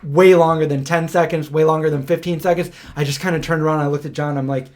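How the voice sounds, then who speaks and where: A man's voice: a little high, fast talker. Rambling male livestream host. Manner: rambling, full of fillers like "like"; animated retelling of anecdotes. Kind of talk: casual storytelling chat.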